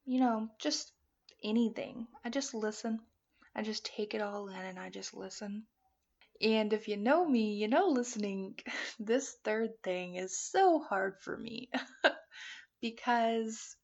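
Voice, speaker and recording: A woman's voice: medium pitch, measured pace, creaky, highs cut off. A woman talking earnestly and chattily about her faith, with lots of "you know" fillers. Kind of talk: personal faith talk to camera.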